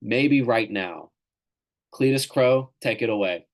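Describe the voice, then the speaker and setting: A man's voice: medium pitch, slow. A man from Tennessee, casually hosting a literary reading on a video call, rambling and enthusiastic. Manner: loose, rambling and enthusiastic, with crude jokes. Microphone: video call microphone.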